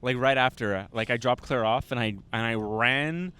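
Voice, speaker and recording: A man's voice: medium pitch, moderate pace, clean tone. A man co-hosting a podcast in casual chat, telling stories with frequent laughter. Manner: laughs often, animated storytelling. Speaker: podcast co-host.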